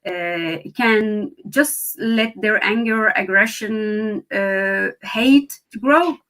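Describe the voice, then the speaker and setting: A woman's voice: mid-range voice, extremely slow, a bit bright. A woman from Syria, a researcher and therapist, speaking as an interview guest with many restarts and fillers. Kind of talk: interview conversation.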